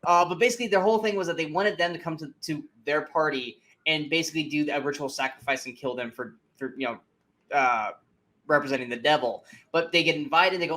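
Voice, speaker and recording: A man's voice: on the high side, quick pace, bright, forceful tone. Rambling man reviewing a bad movie. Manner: rambling, many restarts and fillers. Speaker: podcast co-host. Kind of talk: casual movie review chat.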